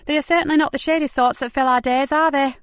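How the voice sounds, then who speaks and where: A woman narrator voicing a brisk, wry female police constable, raised and lively. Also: high-pitched, no echo, pitched above the performer's own voice.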